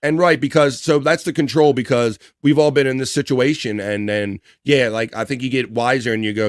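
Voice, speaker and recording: A man's voice: medium pitch, steady tone, fairly quick, few pauses, no room sound. Middle-aged male stream host, upbeat chatter over viewer messages, dry close mic. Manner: upbeat, chatty, often laughing. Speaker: livestream host. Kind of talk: casual livestream chat reading viewer comments.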